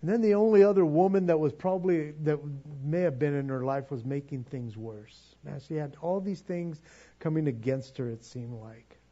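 A man's voice: fairly high pitch, moderate pace, warm tone, highs cut off. A man preaching a sermon as pastor, earnest and pleading, often stumbling over repeated words.

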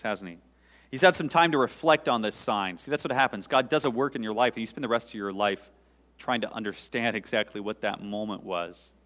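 A male pastor preaching a sermon, swelling loud and high for emphasis, then dropping to quiet, intimate asides. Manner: dynamic preaching, sudden rises in pitch and volume, dropping to quiet asides. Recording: long hall reverb.

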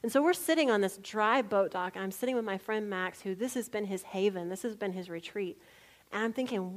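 A woman preaching a sermon, telling personal stories, laughing often and dropping to a near whisper for quiet moments. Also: mid-range voice, a little fast. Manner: storytelling, animated, laughs often, drops to near-whisper for quoted prayers.

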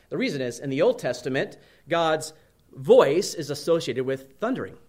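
A man's voice: fairly high pitch, very animated, moderate pace, a little mellow. A man preaching a sermon in a conversational way, often asking his listeners "right?" as he explains Scripture. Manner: conversational preaching, frequent "right?" tag questions. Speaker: pastor.

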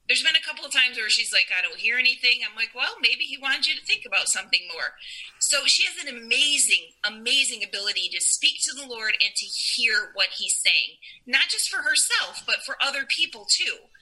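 A woman's voice: on the high side, animated, a little fast, sharp tone, poor audio. A woman casually recounting a personal faith story, often quoting what she and a friend said. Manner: chatty, quotes others' dialogue in her retelling. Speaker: storyteller sharing a faith testimony.

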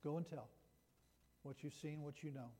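At a moderate pace and with fairly even intonation, a pastor whose dark voice sits on the high side retells a Bible story. His conversational sermon has frequent restarts, recorded with long hall reverb and slight background noise.

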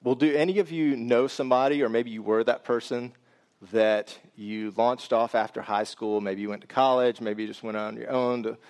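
A man's voice: mid-range voice, steady tone, moderate pace, darkish tone, clean tone. A man preaching a sermon, reading scripture and then explaining it in a conversational way that speaks directly to the congregation.

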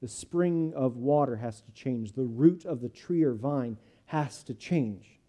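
A pastor preaching a sermon to his church and closing in prayer, speaking earnestly in short, measured phrases. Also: mid-range voice, dark tone.

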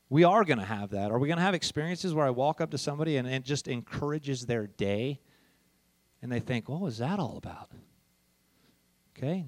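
A man preaching a casual, animated sermon, telling a story with jokey asides to the congregation. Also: medium pitch, no room sound. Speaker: pastor.

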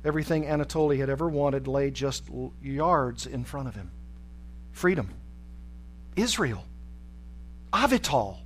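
A man preaching, narrating a dramatic story in a measured way that slows for emphasis. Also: medium pitch, steady tone, slight background noise, rough recording.

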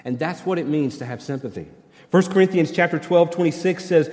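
A man's voice: on the high side, fairly quick, a little mellow. A middle-aged male pastor preaching a sermon in a church sanctuary, conversational and wry, with self-deprecating humor. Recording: long church hall reverb.

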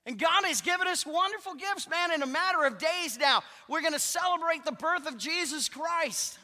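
Pastor type, male. High, bright, lively voice. Preaches with big swings from loud to quiet, in a church with a long echo. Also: normal speed. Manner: emphatic preaching, swings between loud declarations and hushed asides. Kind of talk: sermon. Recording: long hall reverb.

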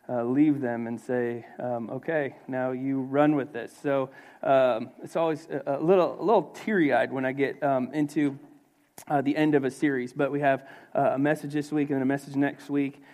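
A pastor preaching to his church in a fairly high male voice. He talks loosely and conversationally, often pausing on fillers and restarting his sentences. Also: darkish tone. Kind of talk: sermon.

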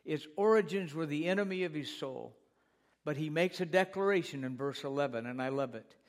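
A fairly high-voiced man preaching in a church. He leans on repetition and turns to the congregation again and again with questions. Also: brisk. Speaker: pastor. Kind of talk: sermon.

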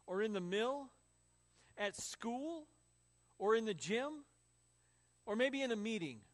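A high-voiced male pastor preaching a sermon to his congregation. He tells lively personal stories and breaks into voices for the people in them. His delivery is conversational, with quick asides to the crowd. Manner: storytelling with acted quotes and laughs.

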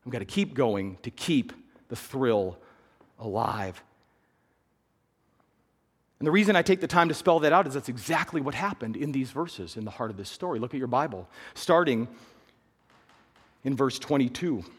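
A man pastor preaching a sermon, dropping to hushed low lines and rising into loud, raised bursts. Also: lively intonation, moderate pace, pauses often, breathy edge. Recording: long hall reverb.

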